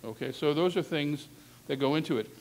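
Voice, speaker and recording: A man's voice: a little high, fairly quick. Frank male talent coach teaching. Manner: candid, conversational, frank asides. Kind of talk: instructive classroom talk. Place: university classroom session.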